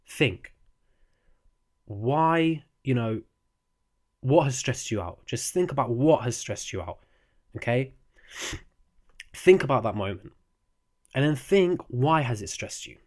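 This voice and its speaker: A young man with an average-pitched voice giving casual advice over a desk microphone. He talks earnestly, backs up to restart his sentences and keeps asking "okay?" to check in. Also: darkish tone. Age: young adult. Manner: earnest, repeats "okay?" often, frequent restarts. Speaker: student vlogger giving advice.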